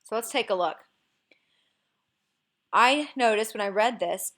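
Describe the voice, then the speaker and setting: A woman's voice: on the high side, measured pace, a bit bright. A woman teacher explaining poetic meter in a recorded lesson, patient and explanatory, often checking in with "okay".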